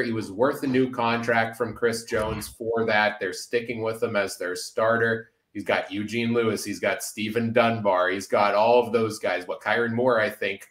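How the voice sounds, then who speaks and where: A man's voice: fairly low pitch, a bit bright. Upbeat man hosting a podcast, roomy sound. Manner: upbeat, many filler uhs. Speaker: podcast host. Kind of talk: casual sports podcast talk.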